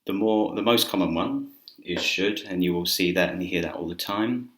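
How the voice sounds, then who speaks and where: A man teaching an English grammar lesson in a relaxed, chatty way with filler words, speaking to camera indoors. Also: sits low, moderate pace. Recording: roomy echo.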